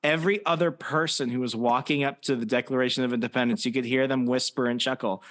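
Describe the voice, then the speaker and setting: A man hosting a podcast in loose, casual conversation. His voice sits at an ordinary middle pitch, and he rambles through his stories with plenty of fillers and false starts. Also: fairly even intonation, quick pace, fairly bright tone. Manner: rambling storyteller, many fillers and restarts. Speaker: podcast host. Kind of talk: casual chat.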